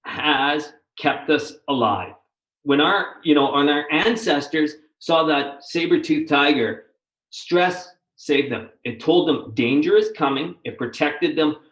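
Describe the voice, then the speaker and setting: A man hosting a conversational interview, earnest and animated, often restarting his phrases. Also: a little high, roomy sound, low-quality recording. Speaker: host.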